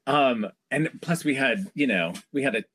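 Animated man telling hairstyling stories. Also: mid-range voice, slow, slightly rough. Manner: animated storyteller, acts out quoted voices. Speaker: celebrity hairstylist guest. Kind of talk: casual interview chat.

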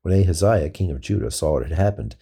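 In a slow and even scripture reading, a man speaks with a deep, husky darkness. His voice has a noticeably gravelly, creaky quality.

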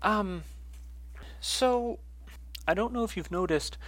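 A game master voicing Martine, a mysterious woman who is nervous and earnest and talks in a halting way, full of restarts. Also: mid-range voice, fairly bright tone, no echo, voice pushed up. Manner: halting, hesitant, restarts often.

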